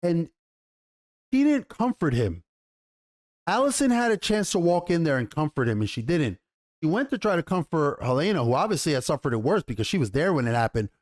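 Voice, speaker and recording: A man giving a casual, excited review of a TV episode, rambling and swearing casually as he goes. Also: a little high, brisk. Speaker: TV show reviewer.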